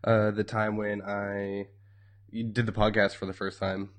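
Low-voiced man rambling wryly. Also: flat delivery, unhurried. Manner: rambling and wry, many fillers. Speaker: podcast co-host. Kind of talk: casual chat.

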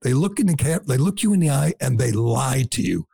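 A male talk radio host with a gravelly, slightly husky voice, recorded close and dry in a studio. He talks in a blunt, sarcastic, combative way, mocking and opinionated. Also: mid-range voice, sing-song, a little fast, warm tone, dry recording.

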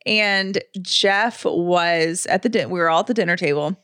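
A young adult woman co-hosting a podcast, telling a story with excited, gushing energy in casual chat. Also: on the low side, moderate pace, clean tone, no echo, clean studio sound. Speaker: podcast co-host.

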